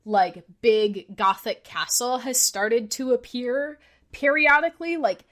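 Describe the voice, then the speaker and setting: Bright-voiced woman rambling casually. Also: on the high side, slow. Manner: rambling, fills speech with "like" and "um"; giggly and enthusiastic. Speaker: podcast co-host. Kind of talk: casual podcast chat.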